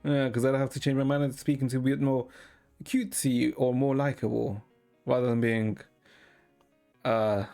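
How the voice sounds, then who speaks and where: A man streaming and chatting casually with a deadpan manner, swearing often. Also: medium pitch, moderate pace, gravelly, pauses often, soft background music.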